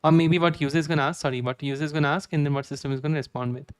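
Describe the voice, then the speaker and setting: A man's voice: on the high side, fairly even intonation, very fast, clean tone, no room sound. Indian man thinking aloud while coding. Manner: reads docs aloud, frequent "okay" fillers. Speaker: live-coding streamer.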